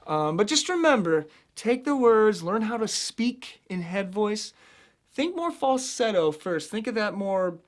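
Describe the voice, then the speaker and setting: Chatty male vocal coach from Illinois. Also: measured pace. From central Illinois. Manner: relaxed, chatty, drops into high head-voice demonstrations. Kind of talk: casual singing lesson with sung demonstrations.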